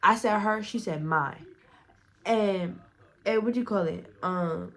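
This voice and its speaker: A woman's voice: medium pitch, normal speed. A young woman telling a story to her vlog audience in a casual, profane, rambling way, restarting her sentences often. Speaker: storytime vlogger.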